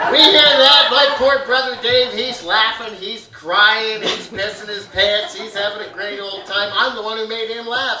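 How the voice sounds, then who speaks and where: A Canadian man doing a brash stand-up comedy set, telling family stories and acting out the people in them with loud shouted bursts. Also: sits high. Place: theater stage with laughing audience. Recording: echoey theater recording from far off, loud noise.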